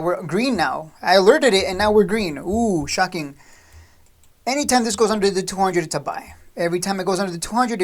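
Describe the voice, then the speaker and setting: A woman hosting a stock trading channel, talking straight to the viewer in a blunt, scolding, sarcastic rant. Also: medium pitch.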